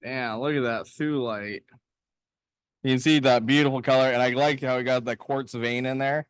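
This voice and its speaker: Man, upbeat live-stream co-host, smooth voice, dry close sound. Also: mid-range voice, steady tone, normal speed, dry recording. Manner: upbeat, chatty, reads out viewer comments. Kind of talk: casual live-stream chat. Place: lapidary shop.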